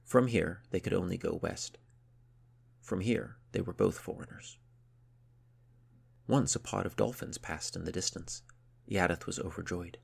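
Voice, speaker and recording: A man narrating a story in a steady, measured way. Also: sits low, vocal fry, breathy edge. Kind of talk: scripted audiobook narration.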